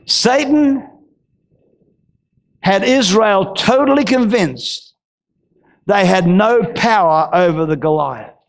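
A male pastor, preaching a fervent sermon that bursts into shouting. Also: sits high, expressive, slow pace, gravelly, long pauses. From Australia.

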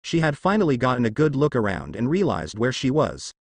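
A man reading a fan fiction story aloud, moving briskly through the narration and lifting his voice a little for the quoted lines. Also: medium pitch, sing-song, no room sound.

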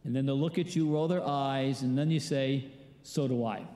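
A man's voice: mid-range voice, steady tone, normal speed, mellow, slight background noise. A male pastor giving a conversational sermon, putting questions to his congregation. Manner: conversational preaching, quizzes the congregation. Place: large church. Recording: echoey church hall with long reverb.

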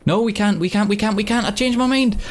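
A man giving casual gameplay commentary as a let's play host, excitable and swearing a lot. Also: high-pitched, quick pace, a little hiss or hum.

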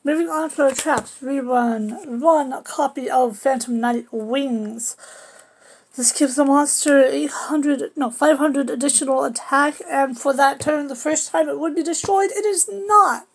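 A woman's voice: high-pitched, unhurried. A woman casually showing off her card game deck, playful and trash-talking, with goofy sound effects. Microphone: camera on a table.

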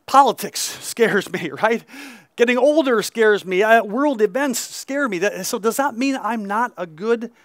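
A male pastor preaching a conversational sermon at an outdoor service, peppering his reading with "right?" asides and quick restarts. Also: high-pitched, expressive, fairly bright tone, dry recording, clean studio sound.

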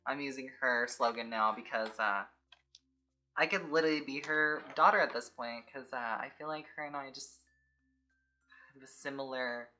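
A woman's voice: a bass voice, normal speed, sharp tone, soft background music. A young adult woman hosting a casual unboxing vlog, chatty and filling her speech with "like". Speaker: YouTube host.

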